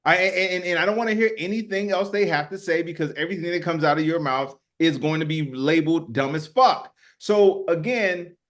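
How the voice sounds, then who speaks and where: Male podcast co-host, a bit higher voice, angry profane rants with stammered repeats. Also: brisk, few pauses, a bit bright. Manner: angry, profane, repeats words when worked up. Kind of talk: heated political commentary.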